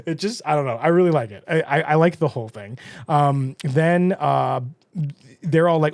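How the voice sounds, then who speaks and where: A man hosting a podcast, casually recapping an episode, chatty and quick to laugh, slipping into brief character voices. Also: medium pitch, gravelly, dry recording, clean studio sound. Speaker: podcast host.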